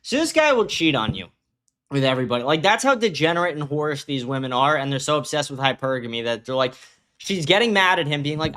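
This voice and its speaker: A man's voice: fairly high pitch, big pitch swings, fast, a bit bright. Ranting, profane male show host. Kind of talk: reactive commentary livestream.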